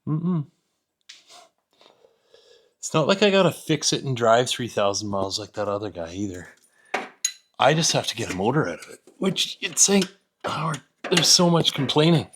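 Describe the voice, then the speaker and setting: A man's voice: medium pitch, big pitch swings, moderate pace, long pauses, fairly bright tone. A middle-aged man in a garage, rambling and joking at his own expense while he mutters through a repair under an old vehicle. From Canada. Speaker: home mechanic host. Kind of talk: casual workshop vlog. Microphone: camera set up nearby.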